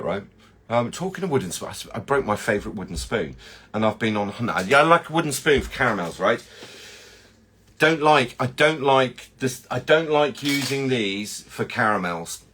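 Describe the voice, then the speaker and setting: A man's voice: mid-range voice, lively intonation, measured pace, a bit bright, slightly rough. A man, a chocolatier hosting a casual live chat and rambling through viewer comments.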